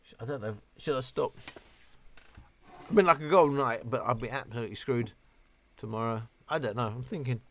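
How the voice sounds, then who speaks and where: A man hosting a relaxed late-night livestream, rambling and a bit tipsy. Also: medium pitch, a little fast, pauses often. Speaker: livestream host.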